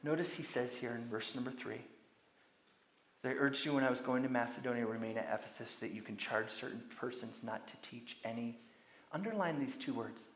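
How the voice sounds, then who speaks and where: A man preaching a sermon as pastor, emphatic, dropping to hushed asides and rising to loud commands. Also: medium pitch, fairly quick, roomy sound.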